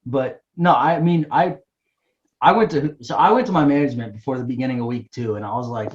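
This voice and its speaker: A young man chats in a relaxed, easygoing way, swearing casually and trailing off mid-thought. His voice sits at an ordinary pitch, and the recording is muffled and lo-fi. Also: fairly quick. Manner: laid-back, profane, trailing off mid-thought. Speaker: podcast co-host. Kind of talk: casual podcast chat. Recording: dull, lo-fi sound.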